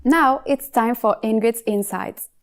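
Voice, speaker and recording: A woman narrating a scripted language lesson in a clear, measured, instructional way. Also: on the high side.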